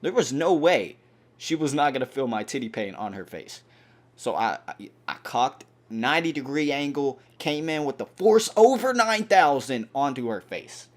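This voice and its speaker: A young man hosting a gaming channel, telling a rambling, animated story over gameplay with plenty of fillers. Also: mid-range voice, moderate pace.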